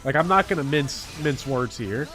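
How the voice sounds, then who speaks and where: A man who works as a teacher, talking casually to his chat while gaming, blunt and heavily profane in an animated rant. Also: mid-range voice, normal speed, music in the background. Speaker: teacher streaming a game.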